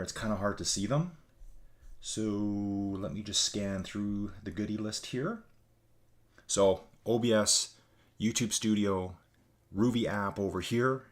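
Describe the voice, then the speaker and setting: Speaking in a lowish, unhurried voice, a tired man hosts a casual live stream and chats loosely with viewers he calls folks. His audio comes through a desk mic with adjustable gain.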